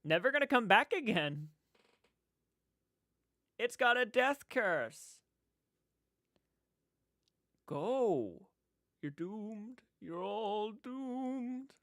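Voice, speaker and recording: A man voicing a creepy old man who warns campers that they are doomed, in slow, drawn-out, ominous tones. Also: high voice, very animated, bright, forceful tone, dry recording, clean studio sound, voice pushed up, heavily acted. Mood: ominous warning. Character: creepy old male doomsayer warning campers.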